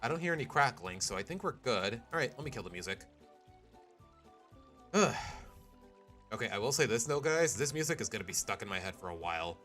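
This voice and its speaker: A young man live-streaming a video game, chatting casually with viewers in an animated, jokey way and sometimes slipping into silly accents. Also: fairly low pitch, brisk, pauses often, soft background music.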